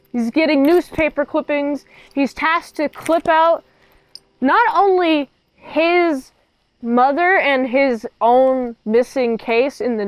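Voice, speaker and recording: A woman's voice: high voice, dry recording, low-quality recording. A woman recapping a horror film in a casual, chatty way, with joking, rambling asides. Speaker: movie reviewer.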